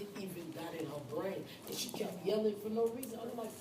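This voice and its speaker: A woman, giving a nursing lecture to a class in a loud, emphatic, conversational way with asides to her students. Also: mid-range voice, expressive, moderate pace, few pauses. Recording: echoey classroom recorded from far off with background noise.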